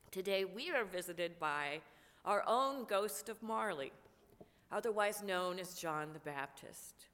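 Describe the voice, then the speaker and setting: A woman pastor with a cold preaching a sermon, slow and earnest with touches of humor. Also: medium pitch, lively intonation, fairly bright tone. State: has a cold, coughing. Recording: long reverb of a large room.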